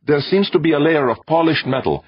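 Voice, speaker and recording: Man doing grave bearded geologist, matter-of-fact, high and loud, husky, dull sound. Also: animated, a little fast, dry recording. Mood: serious. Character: serious, round-faced bearded male geologist.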